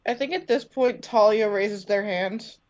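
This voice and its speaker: A woman's voice: medium pitch, a little slow, a little mellow, lo-fi sound. A woman playing a tabletop game, narrating her character's actions casually.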